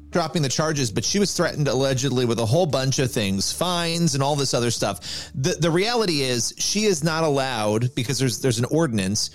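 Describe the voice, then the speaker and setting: A man who reports news, co-hosting a podcast and explaining a story in a steady, conversational way. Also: mid-range voice. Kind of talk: casual news chat.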